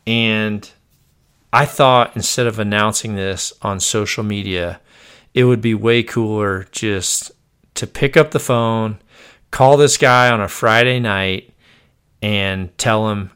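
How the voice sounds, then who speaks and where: Male podcast host, easygoing and upbeat, smooth resonant voice. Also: fairly low pitch, slow, a bit bright. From born on an army base in the US. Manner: upbeat, laughs easily. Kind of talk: casual chat.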